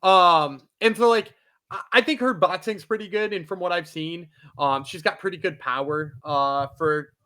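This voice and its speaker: A man's voice: fairly high pitch, pushed and bright. A man co-hosting a sports betting podcast, talking casually and rambling with many fillers. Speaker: podcast co-host.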